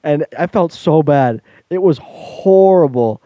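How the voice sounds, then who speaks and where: Male podcaster, animated storyteller, warm low-key timbre, dry sound. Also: slow, no echo. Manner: animated storyteller, laughs while telling, acts out voices. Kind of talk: casual storytelling chat.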